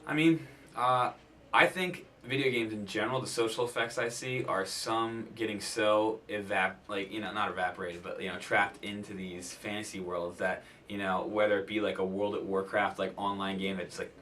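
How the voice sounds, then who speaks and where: A man's voice: lowish voice, steady tone, normal speed, a bit bright, distant mic, slight background noise. A man giving his opinion in an interview, hesitant and full of fillers. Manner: hesitant, full of "you know" and "like".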